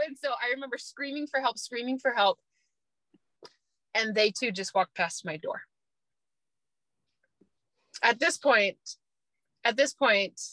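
Bright-voiced woman telling her story. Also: fairly high pitch, no room sound, low-quality recording. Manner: earnest, emotional storytelling with nervous laughs. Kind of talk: personal testimony.

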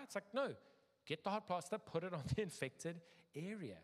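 A middle-aged man preaching a sermon as pastor, lively, acting out quoted voices with sudden jumps in pitch. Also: brisk, breathy edge. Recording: long hall reverb.

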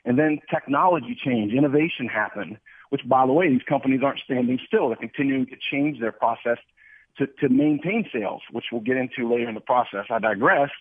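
A man's voice: mid-range voice, brisk, slightly rough, no echo. A man from the Ohio Valley, a guest on a radio talk show, speaking energetically, repeating words and acting out little dialogues. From Ohio Valley, USA. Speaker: guest sales expert. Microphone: telephone. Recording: tinny dry phone line.

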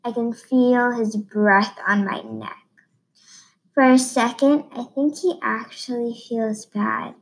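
A woman reading a first-person novel aloud in a steady, plain storytelling manner. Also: on the high side, slow, rough recording. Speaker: reader.

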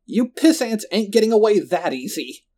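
A man's voice: high-pitched, very animated, moderate pace, voice pushed up. A man voicing a crude, brash country bully who hollers his taunts. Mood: taunting. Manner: loud hollering drawl.

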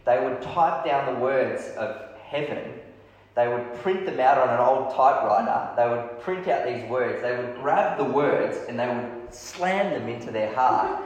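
Man, preacher, storytelling sermon, lively voice for characters, big echoey hall, long reverb. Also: mid-range voice, measured pace, dull audio. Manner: lively storyteller acting out dialogue.

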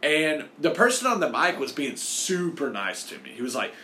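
A man telling a casual, rambling personal anecdote in an animated way, full of "like" and "you know". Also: a little high, moderate pace, slight background noise.

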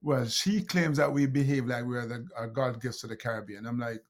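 A man's voice: mid-range voice, fairly even intonation, brisk, slight background noise. A middle-aged man with a Jamaican accent, a guest telling anecdotes with frequent laughs, fillers and restarts. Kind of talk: storytelling conversation.

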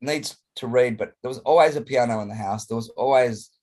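An Australian man with a hoarse, croaky voice from a chest cold, chatting expressively as an interview guest over a video call. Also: medium pitch, fairly quick. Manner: chatty and expressive, colourful phrasing. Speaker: guest performer. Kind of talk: casual interview chat.

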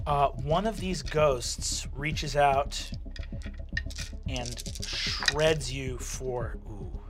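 A man running a tabletop game as game master, narrating in a quick, chatty way with lots of fillers. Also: mid-range voice, over music.

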